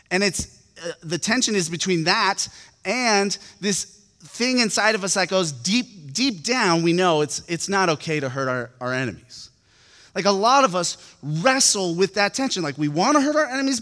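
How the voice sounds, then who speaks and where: A man preaching a sermon in a relaxed, storytelling way, with lots of casual fillers. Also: high voice. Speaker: pastor. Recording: long reverb of a hall.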